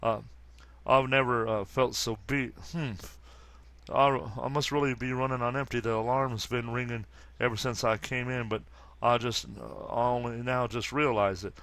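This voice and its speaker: A man reading aloud the lines of a weary young superheroine in a flat, plain delivery, with few pauses. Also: mid-range voice, no echo, natural voice. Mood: tired.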